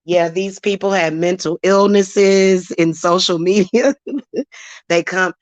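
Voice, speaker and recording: A woman's voice: fairly low pitch, steady tone, slow pace, no room sound. Blunt laughing woman, dry dull sound. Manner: blunt, laughs often, talks back to chat. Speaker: livestream host. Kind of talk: casual livestream chat.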